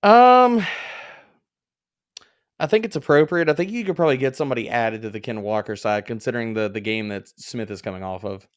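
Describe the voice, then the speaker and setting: A man's voice: fairly low pitch, quick pace, few pauses. A man co-hosting a fantasy football show, giving brief, easygoing answers in casual chat.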